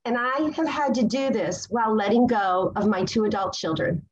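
Heard through a muffled recording, a woman in her forties with a mid-range voice tells her story at a recovery meeting. Her delivery is eager and effusive, broken by moments where she hunts for words.

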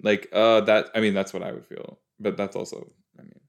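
A man's voice: lowish voice, flat delivery, brisk, clean tone. A man hosting a podcast, reacting casually to a TV episode, chatty and rambling, often cutting himself off with exclamations. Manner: chatty, rambling, exclaiming with frequent self-interruptions.

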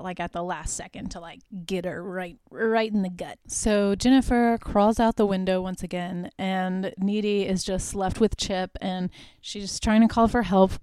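A woman's voice: medium pitch, a little mellow, clear, resonant tone, dry recording. A woman hosting a podcast, casually recapping a horror film with lots of "like" and frequent laughs. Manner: chatty, lots of "like", laughs often. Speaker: podcast host.

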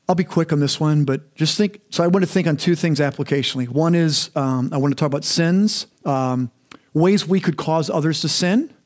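Pastor preaching in a chatty, candid way. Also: male voice, a little high, a little mellow. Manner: conversational, self-deprecating, repeats words when restarting. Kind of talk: sermon.

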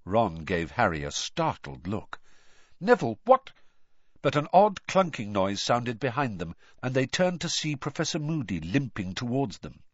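A man's voice: medium pitch, no room sound. Man reading a novel aloud, dry close sound, slightly dull audio. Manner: measured, lively storytelling. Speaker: audiobook narrator. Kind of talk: scripted narration.

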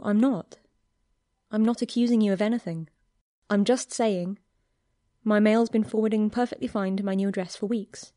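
A shy young man, soft-spoken and a little awkward, picking his words with care, read by a woman narrating a story. The pitch sits in the middle and the sound is dry and near. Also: no room sound, natural voice. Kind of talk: audiobook character reading.

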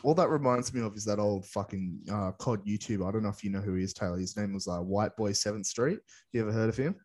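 A man's voice: on the low side, quick pace, darkish tone. A man, co-hosting a casual podcast with crude, laughing storytelling. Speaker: podcast co-host. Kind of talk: casual chat.

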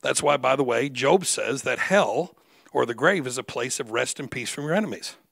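A man preaching an animated sermon with humor, acting out the voices of figures he quotes. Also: medium pitch, moderate pace, gravelly, no room sound. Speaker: guest preacher.

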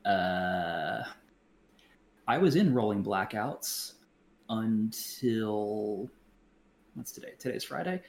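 A man co-hosting a podcast in casual chat, blunt and profane, talking in halting stops and restarts. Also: on the low side, animated, a little mellow. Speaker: podcast co-host. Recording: roomy echo, faint background noise.

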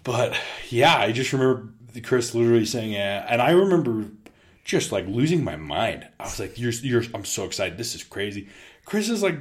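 A man co-hosting a podcast, telling hunting stories in casual chat and acting out quotes with an animated, delivery. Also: medium pitch, moderate pace. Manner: animated storyteller, acts out quotes. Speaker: podcast co-host.

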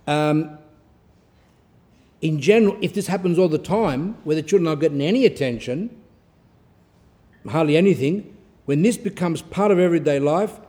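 A man's voice: on the high side, warm tone, big-room sound. A man giving an informal religious talk in a conversational way, repeating key words for emphasis and telling everyday stories.

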